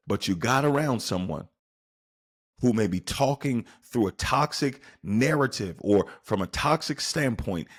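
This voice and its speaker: A man hosting a podcast, delivering an emphatic motivational monologue full of rhetorical questions to the listener. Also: fairly low pitch. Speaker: podcast host.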